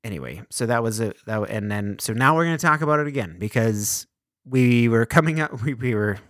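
Halting man, dry close mic. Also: medium pitch, lively intonation, fairly bright tone, dry recording. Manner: halting, many restarts. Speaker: podcast co-host. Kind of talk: casual political chat.

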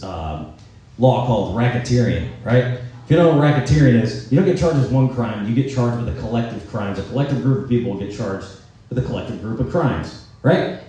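A man with a mellow, dark-toned voice rambles and jokes about himself, cursing freely in a casual podcast chat. He sits well back from the mic in a room with heavy echo, so his voice sounds distant and boomy. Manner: profane, self-mocking, joking. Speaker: podcast host.

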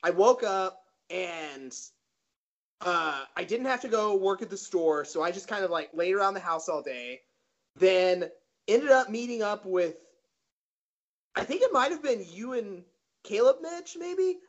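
A young man in his twenties slowly recalling an old weekend for friends, hesitating with many ums. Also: high-pitched, expressive. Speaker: podcast co-host. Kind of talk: casual storytelling among friends. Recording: muffled lo-fi podcast audio.

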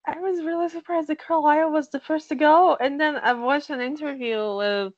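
A woman chatting casually with a fellow fan, excitable and quick to laugh. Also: high-pitched, no echo, lo-fi sound. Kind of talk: casual chat.

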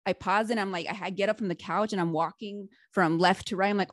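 A woman hosting a podcast interview, chatty and animated, laughing often and restarting her sentences. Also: mid-range voice, fast talker, no echo, clean studio sound. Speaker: podcast host. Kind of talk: casual interview chat.

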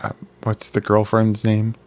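A man co-hosting a casual chat, joking in an unhurried way. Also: on the low side, completely flat delivery. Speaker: podcast co-host.

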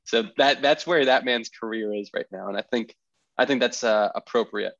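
A man's voice: mid-range voice, moderate pace, creaky, a bit bright, dry recording. A young man hosting a casual podcast chat, teasing his friends and joking around. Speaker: podcast host. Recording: dull dry podcast mic.

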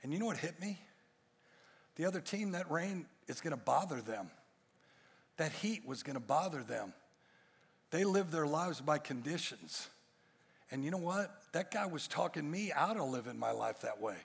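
A man's voice: on the high side, lively intonation, moderate pace, creaky, pauses often, husky, long reverb tail. A male pastor delivering a sermon to a congregation, emphatic and full of rhetorical questions and jokes. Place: church stage before a congregation.

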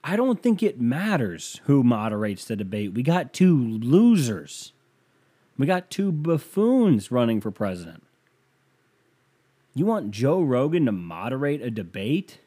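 A young man hosts a podcast, rambling through a casual, wry comedic monologue packed with fillers. His voice is medium in pitch and warm in tone, with an unhurried, sing-song delivery.

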